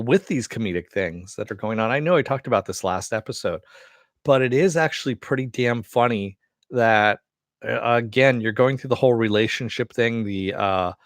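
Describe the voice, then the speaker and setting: A man's voice: medium pitch, no echo, clean studio sound. A man giving a casual, rambling episode review, laughing often and swearing.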